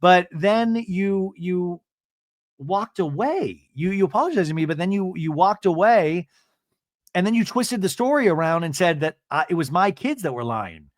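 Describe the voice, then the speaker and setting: A man's voice: high voice, animated, normal speed, dry recording, studio quality, voice pushed up. A man doing an impression of a hurt, defensive woman reality star pressing her complaint. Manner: earnest, insistent complaining.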